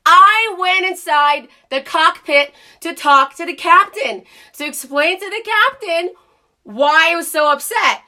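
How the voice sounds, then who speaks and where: A woman vlogger telling a personal story in a casual, animated and emphatic way, swearing bluntly now and then. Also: very high voice, a little slow.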